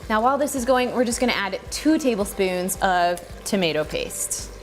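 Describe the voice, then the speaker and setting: A woman hosting a casual home cooking tutorial, chatty and relaxed, thinking aloud as she cooks in her kitchen. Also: medium pitch, moderate pace, soft background music. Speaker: cooking channel host.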